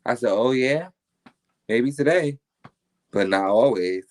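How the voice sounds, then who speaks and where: Jersey guy on a podcast, animated and emphatic, cusses a lot, middle pitch. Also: unhurried, pauses often. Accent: New Jersey. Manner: emphatic, animated storytelling, swears freely. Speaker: podcast guest, author. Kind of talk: casual chat.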